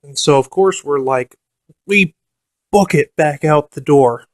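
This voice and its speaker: A man's voice: on the high side, measured pace, dry recording. Man, casual profane storyteller, fillers and restarts, dry close recording. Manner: quotes the game master in a mocking voice. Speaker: storyteller recounting a tabletop game. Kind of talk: casual anecdote.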